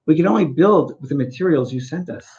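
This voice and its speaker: A man voicing Saint Peter as a calm, stern heavenly gatekeeper who speaks in a patient, matter-of-fact way while telling a story. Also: a little high, fairly quick, highs cut off. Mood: firm.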